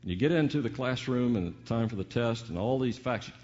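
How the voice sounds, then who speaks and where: A man's voice: medium pitch, animated, a little mellow, lo-fi sound. Preacher man with teacherly emphasis. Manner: teacherly, varied emphasis with drawn-out pauses and rhetorical questions. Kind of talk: sermon.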